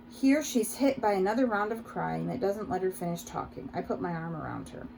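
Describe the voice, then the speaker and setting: Woman reading a novel out loud, steady and thoughtful, warm low tone. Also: brisk, gravelly, few pauses, slight background noise, rough recording. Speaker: audiobook reader. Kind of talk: first-person audiobook narration.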